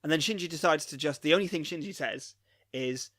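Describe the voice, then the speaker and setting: A man's voice: a little high, fairly quick, no echo, clean studio sound. A man co-hosting a casual podcast, recapping an anime episode with frequent laughter and acted-out lines. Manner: animated, laughs often, acts out characters' lines. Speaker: podcast co-host.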